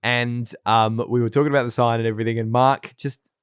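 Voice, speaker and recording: A man's voice: medium pitch, fairly even intonation, fairly quick, clear, resonant tone, no echo. A man co-hosting a podcast in casual chat, rambling through stories with restarts and laughter. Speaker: podcast co-host. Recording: slightly dull, dry sound.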